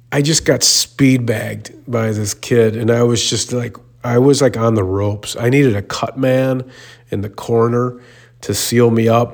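A man's voice: mid-range voice, a little mellow. A male radio host telling a rambling, self-mocking story in a casual way.

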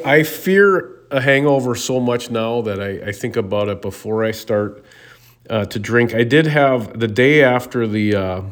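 A man from Minnesota hosting a show, telling funny stories in a casual, rambling way with hesitant restarts. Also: fairly low pitch. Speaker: podcast host. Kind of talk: casual monologue.

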